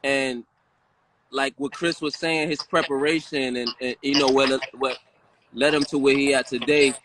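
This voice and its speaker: A man's voice: medium pitch, steady tone, normal speed, background noise. A man talking as a guest in a casual live-stream chat from his home office, laid-back and rambling, with "you know what I'm saying" again and again.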